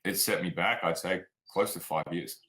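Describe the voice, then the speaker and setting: With a deep voice and a sharp tone, an Australian performance coach talks at a moderate pace as a guest in a casual interview. He tells his stories frankly and plainly, dropping "like" and "man," over a low-quality recording.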